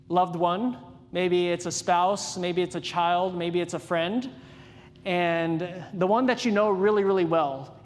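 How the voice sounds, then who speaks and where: Pastor, male, high voice, chatty sermon delivery with questions to the room, long hall reverb. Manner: conversational, asks the congregation questions.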